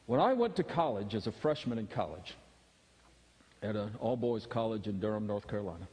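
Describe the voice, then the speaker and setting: A man's voice: on the low side, animated, fairly quick, darkish tone. A man preaching a sermon as pastor, emphatic and repetitive, his voice building in fervor. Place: church sanctuary. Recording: long hall reverb.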